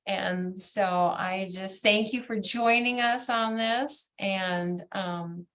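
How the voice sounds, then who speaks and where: A woman hosting a bead society's video meeting, bubbly and gushing, with lots of excited exclamations. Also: medium pitch, slow. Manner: bubbly, gushing, keeps saying "oh my gosh". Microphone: video call.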